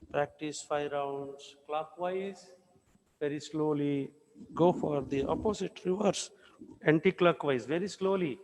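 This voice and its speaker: A man, leading a yoga class with slow, repetitive cues for breathing and movement. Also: fairly high pitch, darkish tone. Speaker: yoga instructor. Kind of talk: guided yoga instruction. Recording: echoey room with long reverb.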